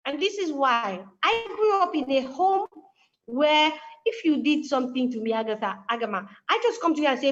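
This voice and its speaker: A woman's voice: high voice, expressive, normal speed, fairly bright tone. A woman guest speaker, explaining through a personal story full of quoted dialogue. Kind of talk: conversational explanation. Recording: dull lo-fi sound.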